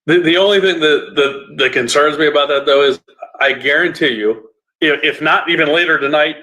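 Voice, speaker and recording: A male livestream host with a bright, slightly high voice. He talks casually and often restarts his phrases with little stammers. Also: lively intonation, normal speed, poor audio.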